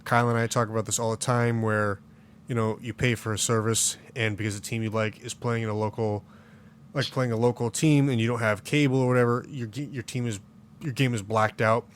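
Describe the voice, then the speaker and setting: A man's voice: mid-range voice, steady tone, fairly quick, slight background noise. A man hosting a casual sports podcast, opinionated and rambling, full of fillers and restarts. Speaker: podcast host. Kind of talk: casual chat.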